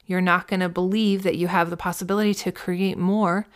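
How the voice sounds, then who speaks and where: A woman's voice: on the low side, flat delivery, a little fast, clean tone. Earnest woman business coach. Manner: earnest, encouraging, conversational. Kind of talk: podcast monologue.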